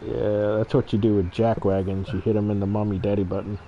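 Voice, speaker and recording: A man's voice: fairly low pitch, little pitch movement, a little fast. A middle-aged man hosting a gaming stream, chatting casually and laughing as he tells family stories. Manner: chatty storyteller, laughs often. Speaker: gaming channel host. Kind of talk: casual chat while streaming a farming game. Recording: dull lo-fi stream audio, faint noise.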